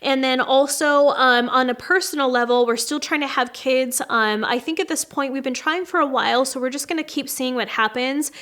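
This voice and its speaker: A woman's voice: sits high, moderate pace, hardly any pauses, fairly bright tone. A woman in her late thirties, a beauty vlogger giving a casual, heartfelt personal update straight to her viewers. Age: 30s. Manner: heartfelt, chatty, addresses viewers as "you guys". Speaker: beauty vlogger and brand owner.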